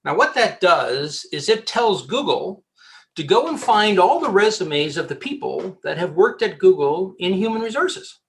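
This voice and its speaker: Man, headhunter guest, lively and joking, many restarts, slightly high voice. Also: a little slow, vocal fry, slight background noise. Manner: animated and joking, with frequent restarts. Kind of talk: casual advice in a podcast interview.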